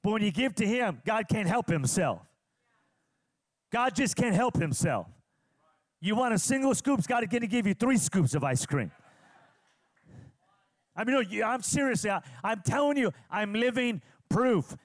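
A pastor from California preaching a sermon, animated, teasing the congregation and calling on them for responses. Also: male voice, sits high, measured pace, pauses often, dry recording, clean studio sound. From California, USA. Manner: animated preacher who teases and calls on the congregation.

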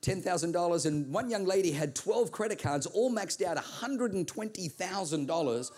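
Animated high-voiced preacher man. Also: normal speed. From Australia. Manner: animated storytelling with comic voices and repeated words. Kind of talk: sermon.

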